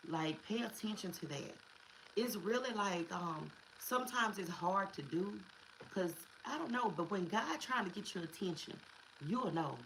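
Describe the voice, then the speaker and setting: A woman's voice: mid-range voice, animated, a little slow, a bit bright, a little hiss or hum, rough recording. A woman giving a casual spiritual tarot reading, emphatic and repetitive, slipping into slang and curses. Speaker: tarot reader.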